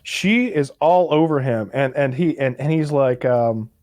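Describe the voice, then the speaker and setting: A man's voice: mid-range voice, unhurried, dry recording, studio quality. A man co-hosting a podcast, casually retelling a movie and acting out its characters. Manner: animated storytelling, acts out characters. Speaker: podcast co-host. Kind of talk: casual chat.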